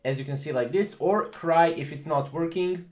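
A man's voice: on the high side, moderate pace, a little mellow, echoey room. A man hosting a casual tech tutorial, rambling with many fillers and repeated phrases. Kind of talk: casual screen-recorded tutorial.

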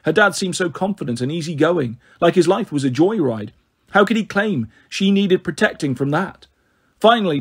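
A man reading a novel aloud in a steady storytelling voice, giving the characters their own voices. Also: fairly high pitch, slightly rough. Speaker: audiobook reader.

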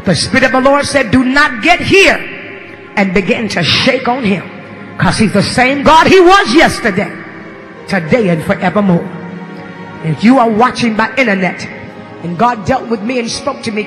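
A woman preaching a live sermon to a congregation in a church building, moving from low, steady talk to shouted, sing-song exhortation. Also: in a large hall. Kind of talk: live sermon with donation appeals.

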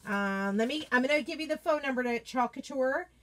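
A woman's voice: high voice, brisk, a bit bright. A woman hosting a casual live unboxing, chatty and gushing as she reads out viewer comments. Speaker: craft product consultant and host.

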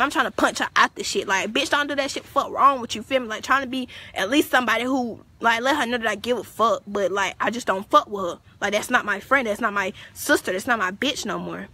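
A teenage girl telling a story on a livestream, profane, animated and defiant. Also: fairly high pitch, fast, hardly any pauses. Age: teens.

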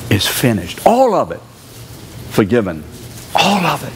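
A man's voice: mid-range voice, huge pitch swings, measured pace, pauses often, background noise. A man in his seventies preaching a sermon in a church, driving his point home by repeating key words and throwing questions at the congregation. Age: 70s.

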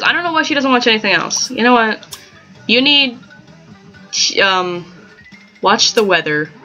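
On a dull lo-fi home mic, a gaming channel host gives easygoing let's-play commentary over a life-sim game. She giggles often and wanders into chatty side remarks, her voice mid-range and sharp in tone.

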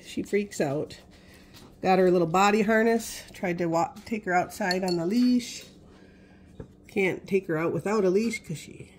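A woman's voice: medium pitch, a little hiss or hum. A woman vlogging as a pet owner, chatting casually to her puppy in gushing baby talk.

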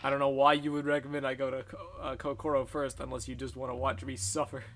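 A man's voice: mid-range voice, level tone, fast, a crowd in the background. A young man hosting a let's play, casual and self-mocking, laughing often as he plays. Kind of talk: casual gameplay commentary.

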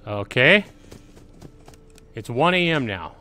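A very animated middle-aged gaming channel host takes it slowly, his mid-range voice bright and forceful. He gives casual let's-play commentary at home, chatting and reading game prompts off the screen.

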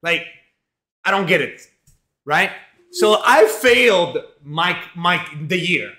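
A male streamer telling a rambling, profane story in a casual, animated way, full of fillers. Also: high-pitched, slow pace, echoey room.

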